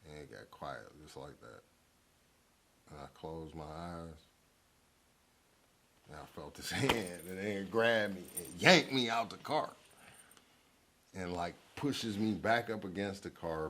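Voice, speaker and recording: A man's voice: low voice, measured pace, long pauses, a little hiss or hum. A middle-aged man telling a story in a casual, slangy, profane way, acting out the lines of the people in it. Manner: animated, acts out quoted lines, slangy and profane. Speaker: guest telling his life story. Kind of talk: casual storytelling in a therapy-style talk show.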